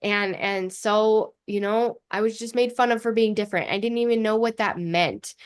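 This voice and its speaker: A middle-aged woman hosts a podcast, sharing personal stories candidly in a loose, blunt style, swearing casually and laughing often. Her speech runs on in loose phrases packed with fillers. Her voice is medium-pitched, smooth and at a normal speed.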